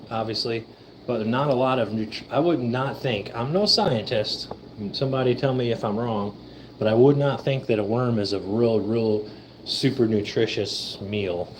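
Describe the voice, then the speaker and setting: A man's voice: mid-range voice, a little hiss or hum, poor audio. A middle-aged man hosting a casual livestream, chatting in a laid-back way and talking to his fish. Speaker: livestream host. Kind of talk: casual live-stream chat. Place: fish room with aquarium tanks.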